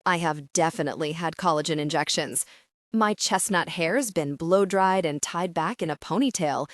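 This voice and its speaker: A woman reading a first-person audiobook with expressive, animated storytelling. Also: low-pitched, moderate pace, no echo, studio quality. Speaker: audiobook narrator.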